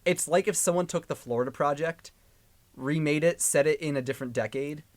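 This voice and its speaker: A man's voice: on the high side, fairly quick, no echo. A young man co-hosting a movie podcast, giving context with wry, dry humor. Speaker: podcast co-host. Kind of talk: casual movie chat.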